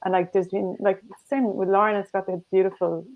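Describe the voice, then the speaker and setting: A woman's voice: medium pitch, little pitch movement, fairly quick, narrow, tinny audio. A woman co-host chatting agreeably, with frequent affirming sounds. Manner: agreeable, chatty, many backchannels. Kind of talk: conversational interview.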